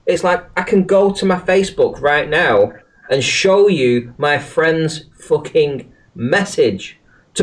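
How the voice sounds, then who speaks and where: A man's voice: a little high, animated, measured pace. A man hosting a livestream in casual talk, exasperated and swearing a lot, restarting his sentences often while working at his computer. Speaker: livestream host.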